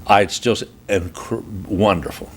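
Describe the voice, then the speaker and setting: A man preaching a sermon at a marriage retreat, telling humorous stories and leaping into high, animated voices for the people he quotes. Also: measured pace, slight background noise. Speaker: pastor. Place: church retreat hall.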